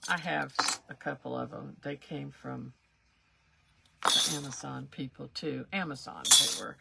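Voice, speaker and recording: A woman talks through a craft project live, rambling casually and poking fun at herself. Her voice sits low with a gravelly fry, and her words come slowly. The tone has a bright, sharp edge. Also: fairly even intonation, heavy background noise. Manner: chatty, rambling, self-deprecating. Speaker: craft livestream host.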